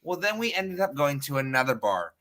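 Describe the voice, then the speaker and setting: A man in casual podcast chat, animated and exclaiming as he tells a drinking story. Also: on the high side, fairly quick. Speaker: podcast co-host.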